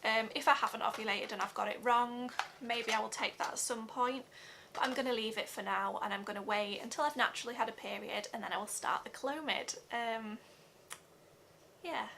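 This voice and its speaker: A young woman giving an earnest personal vlog update, talking haltingly with many fillers. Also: a little high, gravelly, sharp tone, slight background noise. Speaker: vlogger.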